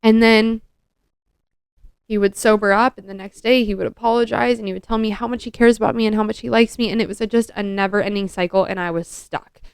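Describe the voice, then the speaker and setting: A woman's voice: medium pitch, steady tone, a little fast, smooth, no room sound. A young adult woman co-hosting a podcast, telling a personal story in an earnest, confessional way and often saying "like". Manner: earnest, confessional, heavy use of "like". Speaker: podcast co-host.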